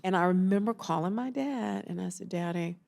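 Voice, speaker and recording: Gravelly-voiced woman therapist guest. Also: mid-range voice, brisk, a little mellow. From Atlanta, Georgia. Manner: earnest, reflective, emotional storytelling. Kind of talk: casual interview chat.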